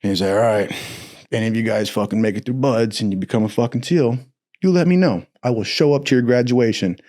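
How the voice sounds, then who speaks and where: A young man in casual storytelling mode, swearing constantly and laughing at his own tales. He acts out the people in his stories by jumping to a higher voice. His talk is loose and profane. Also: quick pace, darkish tone. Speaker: podcast storyteller.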